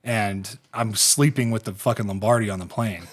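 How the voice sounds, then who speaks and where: A man's voice: lowish voice, normal speed. A man in his thirties from Ohio, hosting a podcast and telling rambling, profane, laughing stories about his football career. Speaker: podcast host and former pro football player. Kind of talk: casual podcast storytelling.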